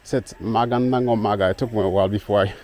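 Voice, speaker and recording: With a lowish, steady, slightly mellow voice, a man talks at a quick pace while winded on a rural trail. His casual handheld travel vlog carries slight background noise, and he's relaxed, chuckling often and greeting locals.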